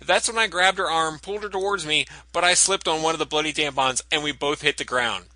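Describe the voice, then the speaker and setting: A man's voice: fairly high pitch, brisk, sharp tone, dry recording. A man voicing a shaken small-town head of security with an exaggerated Southern drawl.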